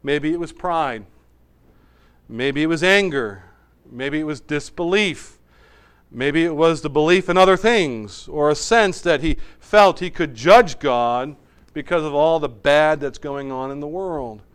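A man preaching a sermon as pastor, swinging between emphatic raised passages and quiet, hushed asides. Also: a little high, lively intonation, measured pace, clean tone.

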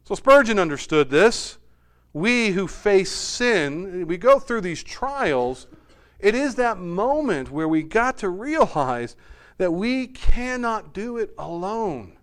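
A man preaching a sermon with a smooth, resonant voice that sits a little high. He speaks earnestly and slows down to stress his main points. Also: very animated. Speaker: pastor.

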